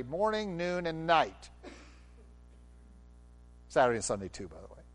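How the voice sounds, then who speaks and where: Middle-aged guy preaching, voice on the high side, gets loud and fervent. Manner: preaching with acted quotes, rising to loud pleas. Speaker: pastor. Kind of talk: sermon.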